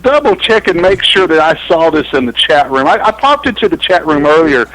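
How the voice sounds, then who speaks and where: Animated high-voiced phone guest. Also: male voice, a little fast, no echo, rough recording. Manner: joking, laughs often, animated. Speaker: guest caller. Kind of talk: casual radio chat by phone. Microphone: phone line.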